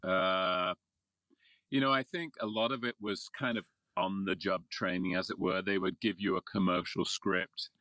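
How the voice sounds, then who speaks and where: A middle-aged man from England talks about his voiceover work in a low, easy voice. He is self-deprecating, laughs often and fills pauses with ums. The sound is dry and close, with no room around it. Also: steady tone, pushed and bright, no echo. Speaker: voiceover artist, guest. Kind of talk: casual interview talk.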